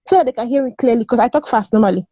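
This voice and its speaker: A woman's voice: on the high side, rapid-fire, warm tone, no echo, lo-fi sound. A woman from Nigeria, speaking as a guest in a casual discussion. She is emphatic, repeats words and laughs often. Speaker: guest panelist.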